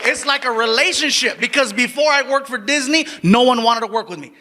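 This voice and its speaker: A man doing stand-up storytelling in an animated, excitable way, laughing along with his own story. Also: extremely high pitch, a little fast, big-room sound. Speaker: stand-up comedian.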